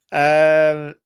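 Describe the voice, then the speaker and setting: Brief: male podcast co-host, slightly high voice, dry close-mic sound, relaxed and giggly. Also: clean tone, no echo. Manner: laid-back, easily stumped, laughs a lot. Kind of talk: casual chat. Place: podcast studio.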